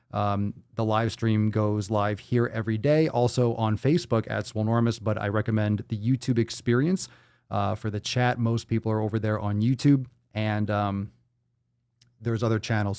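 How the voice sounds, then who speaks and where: A man's voice: fairly low pitch, darkish tone, clear, resonant tone, dry recording, clean studio sound. A man hosting a casual livestream podcast, reading viewer posts aloud in a loose, profane manner that swings between hype and mumbling. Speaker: podcast host.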